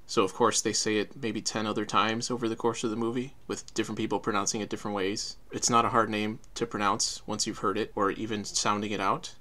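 Bright, low-voiced man critiquing a film. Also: little pitch movement, a little fast, hardly any pauses. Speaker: film review co-host. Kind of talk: casual conversational movie review.

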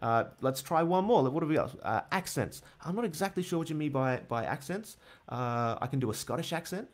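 Man teaching bass casually. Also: animated, fairly quick. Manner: loose, self-correcting, humming and scatting rhythms. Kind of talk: casual instructional demo.

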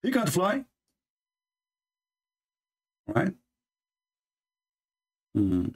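A man hosting a religious debate show, speaking in a sarcastic, mocking way and reading texts aloud slowly. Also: wildly swooping pitch, slightly rough. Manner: sarcastic, reads texts aloud slowly, mimics opponents in a high voice.

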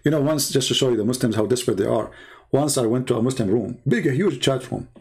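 A man's voice: mid-range voice, expressive, fast, gravelly, a little mellow, husky. A man telling a joking, sarcastic story in a rambling way. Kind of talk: mocking storytelling.

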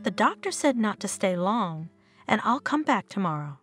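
A woman's voice: mid-range voice, very animated, moderate pace, fairly bright tone, breathy edge, faint music behind. Woman voicing a loving, worried mother. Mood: caring. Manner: tender, reassuring. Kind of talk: storybook narration.

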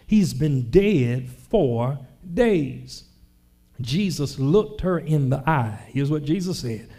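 Slow gravelly-voiced male pastor. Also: mid-range voice, warm tone. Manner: slow, dramatic scripture reading with comic asides. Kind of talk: sermon.

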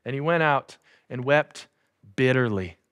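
A man's voice: medium pitch, animated, unhurried, fairly bright tone, smooth. A man preaching a sermon in a casual, conversational way, acting out the quotes. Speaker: pastor. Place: church.

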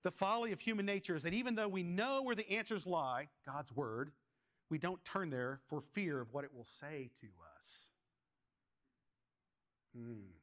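A man with a high, bright voice preaches a sermon to his congregation. He leans on questions to the listeners and stories from his own past. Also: lively intonation, measured pace. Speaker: pastor.

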